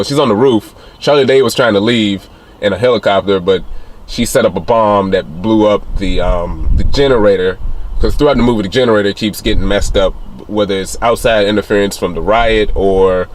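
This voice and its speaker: Man, film reviewer, casual rambling recap, lots of fillers, lowish voice. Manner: rambling retelling with many fillers, acting out quotes in a higher voice.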